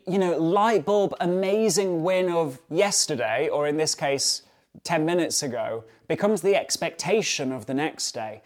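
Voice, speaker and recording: A man's voice: fairly high pitch, unhurried. A man hosting a solo dog-training podcast, talking in a chatty way with many fillers and tag questions. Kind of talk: casual solo podcast talk.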